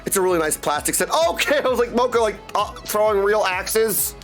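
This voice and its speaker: Chatty excitable streamer guy, highish voice, faint music under him. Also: brisk. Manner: excitable, chatty, keeps saying my dudes. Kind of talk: casual live-stream chat.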